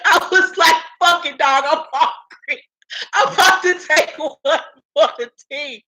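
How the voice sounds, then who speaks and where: A woman's voice: high voice, unhurried, bright, forceful tone, low-quality recording. A woman vlogger telling a casual storytime, slangy and profane, often laughing as she talks and quoting her own thoughts. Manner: quotes herself in her inner voice.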